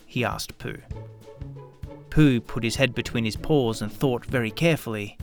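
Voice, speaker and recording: A man narrating a children's storybook, an animated and expressive reader. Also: medium pitch, normal speed, vocal fry, faint music behind. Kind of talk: storybook narration with character voices.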